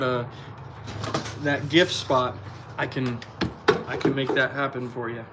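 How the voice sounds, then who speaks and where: A man's voice: medium pitch, steady tone, a little slow, pauses often, noisy background. A man hosting a casual live stream from a shop, reading viewer comments in an easygoing, self-deprecating way. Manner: easygoing, laughs at himself, apologetic. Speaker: livestream host.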